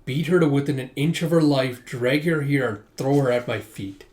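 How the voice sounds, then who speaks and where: A man's voice: medium pitch, moderate pace, a little mellow, natural voice. A man reading out the lines of a cold, scheming male merchant villain, giving curt orders.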